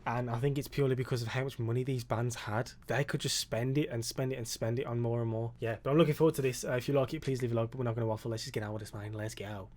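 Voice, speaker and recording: A man's voice: medium pitch, steady tone, very fast, hardly any pauses, darkish tone. A young British man with a British accent, hosting a reaction video in a chatty, slangy, think-aloud way. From Britain. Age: young adult. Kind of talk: casual reaction commentary.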